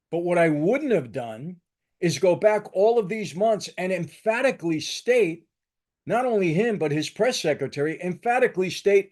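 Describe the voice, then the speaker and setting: Hosting his own channel, an older man pushes a combative, emphatic political argument, repeating himself a lot. He speaks a little high, with a somewhat dark tone.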